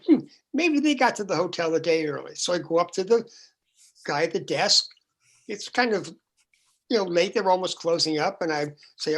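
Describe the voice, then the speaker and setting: A woman on a casual panel chat, telling a story with wry, dry jokes. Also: on the low side.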